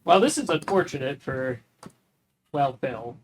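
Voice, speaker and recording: A man's voice: mid-range voice, animated, measured pace, background noise. A man playing a tabletop role-playing game, wry and reasoning out his moves aloud. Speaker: player. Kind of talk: casual tabletop game play.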